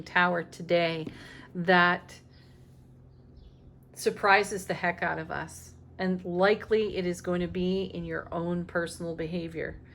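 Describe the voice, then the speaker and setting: A woman's voice: on the low side, fairly bright tone, slight background noise. A woman giving a daily tarot reading, speaking emphatically with spiritual encouragement and small laughs. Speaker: tarot reader.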